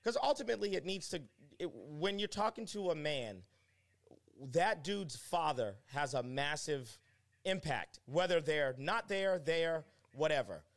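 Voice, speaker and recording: A young man, a pastor, talking as a guest in a casual conversation and telling stories emphatically. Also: measured pace. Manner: animated, emphatic storytelling with pitch swings.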